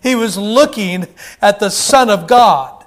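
Male preacher, high voice, fervent sermon delivery with call-outs, roomy hall. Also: animated, slow. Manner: fervent, calls out to the congregation, many restarts.

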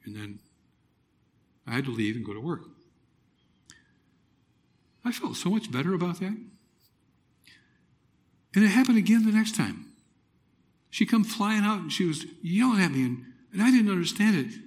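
A middle-aged man preaching a personal testimony, telling it dramatically with loud exclamations and hushed, near-whispered moments. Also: high voice, big pitch swings, normal speed, pauses often. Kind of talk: sermon testimony.

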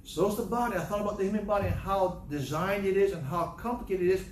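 A man's voice: high-pitched, quick pace. A man giving a moralizing talk, telling stories in a repetitive, emphatic way with sarcastic asides. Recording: roomy, distant mic with faint noise.

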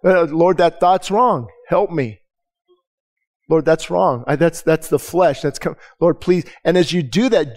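A man's voice: fairly high pitch, lively intonation, measured pace, darkish tone. A man preaching a conversational sermon to his congregation, candid and emphatic, often repeating words and asking the room direct questions. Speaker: pastor. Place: church service.

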